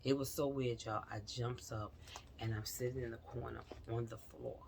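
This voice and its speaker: A woman's voice: rumbling low, fairly even intonation, moderate pace, vocal fry, darkish tone, a little hiss or hum. A woman vlogger recounting a personal experience to her viewers, earnest and confiding, talking straight to them.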